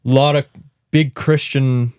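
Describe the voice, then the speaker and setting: A man with a mid-range voice trades teasing, crude jokes in a deadpan way on a casual podcast. The sound is dry and close. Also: mid-range voice, a little slow, smooth, no room sound. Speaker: podcast co-host. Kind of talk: casual chat.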